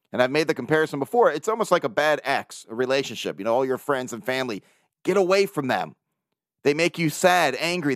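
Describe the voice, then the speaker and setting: Lively-voiced man hosting a podcast. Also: on the high side, dry recording, studio quality. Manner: animated, self-mocking, chuckles often. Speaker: podcast host. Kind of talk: casual monologue.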